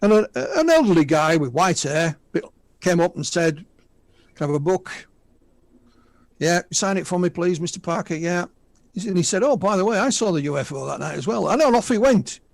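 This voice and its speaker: Guesting on the radio, this Northern English UFO researcher in his sixties casually recounts witness accounts and adds side comments. He speaks at a moderate pace in a high, gravelly, animated voice, with no echo.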